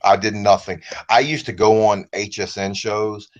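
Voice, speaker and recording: A man with a baritone voice and a light Southern American accent, a guest talking in a relaxed, rambling way over a remote call. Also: normal speed, highs cut off. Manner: relaxed, rambling, comfortable speaker. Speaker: interview guest. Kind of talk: casual interview talk.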